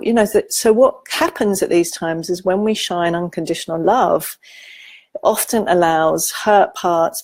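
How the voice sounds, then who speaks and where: A middle-aged woman speaking as a therapist, teaching in a soft, calm and compassionate way with hesitant restarts. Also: fairly low pitch, gravelly, no room sound. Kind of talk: gentle teaching talk.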